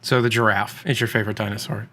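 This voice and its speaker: A man's voice: lowish voice, little pitch movement, quick pace, bright, forceful tone. A male interviewer asking dry follow-up questions and reading prepared bio lines. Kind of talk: casual interview.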